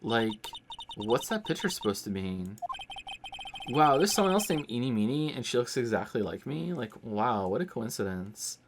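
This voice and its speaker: A man's voice: mid-range voice, big pitch swings, normal speed, noisy background. A man voicing a ditzy young woman who talks in valley-girl style, acting innocent. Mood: evasive. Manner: valley-girl speech full of "like" and "totally".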